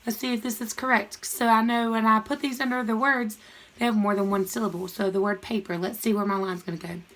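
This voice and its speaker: A woman with a bright, fairly high voice teaches a phonics lesson to young children. She sounds out words slowly and patiently, thinking aloud as she writes on the board. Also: steady tone, poor audio. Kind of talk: recorded classroom lesson.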